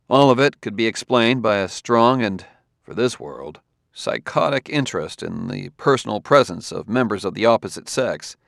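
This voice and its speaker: Gravelly low-voiced male narrator. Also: a bit bright, dry recording, studio quality. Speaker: audiobook narrator. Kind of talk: scripted narration.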